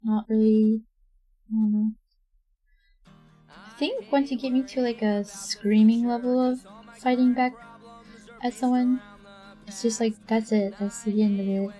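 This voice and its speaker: Chatty female streamer, casual and rambling, pitched a bit high, soft music in the background. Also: fairly even intonation, unhurried, pauses often. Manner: chatty, rambling, many fillers and laughs. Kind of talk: casual chat with chat while drawing.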